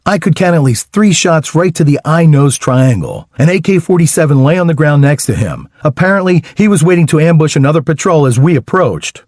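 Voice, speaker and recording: Lively male audiobook narrator, dry mic. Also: a little high, fairly quick, few pauses, no echo. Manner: wry, lively storytelling with dry humor. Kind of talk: first-person audiobook narration.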